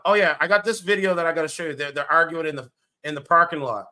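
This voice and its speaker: A man's voice: a little high, fairly even intonation, quick pace, sharp tone. A man giving casual, blunt reaction commentary, rambling and swearing as he goes. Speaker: streamer commentator.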